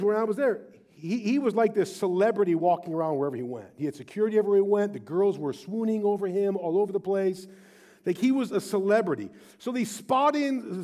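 A middle-aged man preaching with a fairly high voice. He tells stories in an animated, emphatic way, leaning hard on key words. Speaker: pastor. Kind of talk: sermon.

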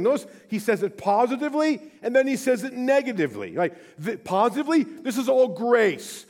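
A middle-aged male pastor preaching a sermon with passion, swinging from loud declarations to hushed, slow phrases. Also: high voice, big pitch swings. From Southern California.

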